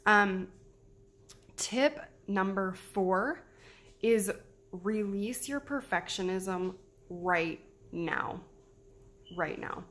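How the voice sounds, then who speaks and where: A thirtysomething mother gives encouraging, chatty self-care tips to the camera, going back over the same points. Her mid-range voice is a little bright, and she speaks extremely slowly with long pauses.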